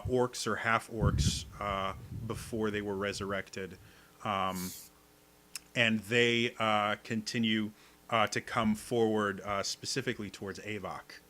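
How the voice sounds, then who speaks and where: A man's voice: lowish voice, sharp tone. A man narrating as game master of a tabletop game, describing scenes with many fillers.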